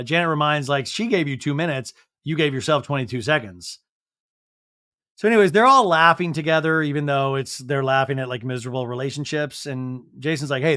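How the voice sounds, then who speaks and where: A man's voice: mid-range voice, a bit bright, no room sound, studio quality. A man hosting a podcast, recapping a reality show in a sarcastic, gossipy way and acting out the cast's lines in shifting voices. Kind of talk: comedic recap with quoted voices.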